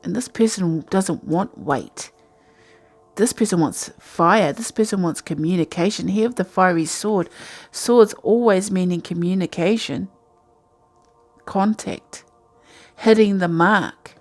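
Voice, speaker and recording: A woman's voice: fairly low pitch, unhurried, faint music behind. A woman giving a casual, rambling tarot reading from home at night, talking in a chatty, intuitive way. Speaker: tarot reader.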